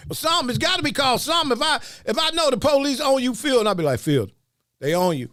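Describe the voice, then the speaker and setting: A man hosting a podcast, mocking video clips with loud laughter and comic commentary. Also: very high voice, fast talker, no echo. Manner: mocking, laughs a lot, animated. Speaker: podcast host. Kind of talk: comedic commentary.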